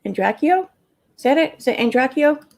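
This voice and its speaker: Gravelly Midwestern woman livestreaming. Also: mid-range voice, expressive, normal speed. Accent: Midwestern American. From American Midwest. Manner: rambling, profane, talks to chat. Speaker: livestream host. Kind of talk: casual livestream chat.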